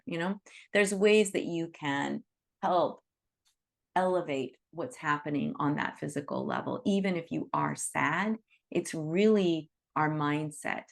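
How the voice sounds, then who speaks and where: A woman leads an online Reiki group over video call, teaching in an earnest, reassuring way and saying "you know" often. Her voice is low-pitched, gravelly, and a little slow.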